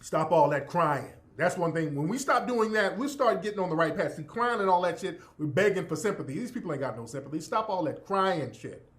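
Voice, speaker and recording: A man delivering a fiery commentary in a fairly high voice that leaps up and down. He hammers his points home, swears freely and talks like a preacher. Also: animated, a little fast, fairly bright tone. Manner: emphatic, profane, preacher-like. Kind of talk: impassioned monologue.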